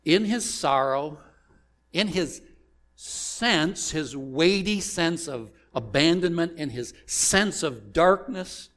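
A man preaching a sermon as pastor, slow and deliberate, asking the congregation rhetorical questions. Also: a little high, lively intonation, fairly bright tone.

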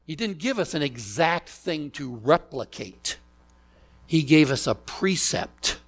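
A man preaching a sermon, deliberate and emphatic, asking the congregation rhetorical questions. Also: a little high, expressive. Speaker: pastor.

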